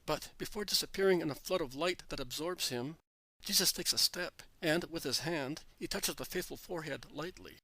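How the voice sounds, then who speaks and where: A man reading religious narration in an even, measured way. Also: on the high side, no echo, poor audio. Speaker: reader.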